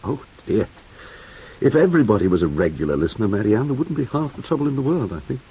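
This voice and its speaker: A man's voice: fairly low pitch, big pitch swings, quick pace, warm tone, slightly rough, poor audio. A man hosting an early-morning radio show, chatting with whimsical, teasing asides between records. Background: music playing under the voice.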